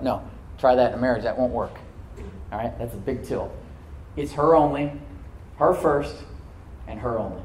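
Male pastor, middle-aged, mellow tone, emphatic sermon delivery with call-and-response. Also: mid-range voice, brisk, slight background noise, poor audio. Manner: dramatic shifts between loud emphasis and hushed asides.

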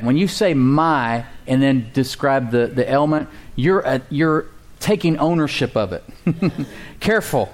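A man preaching in a relaxed, conversational way, calling out for amens and laughing lightly between points. His voice sits at an ordinary middle pitch for a man, and he slows down to read scripture aloud. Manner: conversational preaching with call-and-response and chuckles. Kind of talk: sermon. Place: church congregation.

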